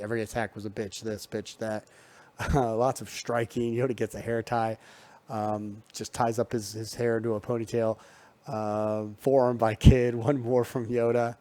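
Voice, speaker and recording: A man's voice: lowish voice, a little mellow. A man giving a casual, loose recap of wrestling matches, full of ums and restarts, recorded at home. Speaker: wrestling show reviewer.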